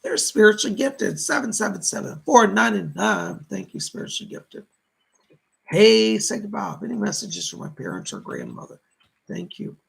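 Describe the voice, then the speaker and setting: A man with a deeply gravelly, husky voice hosts a live-streamed psychic reading. His pitch moves a lot as he passes on spirit messages and thanks viewers for their donations. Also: huge pitch swings, normal speed, a bit bright. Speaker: psychic medium host.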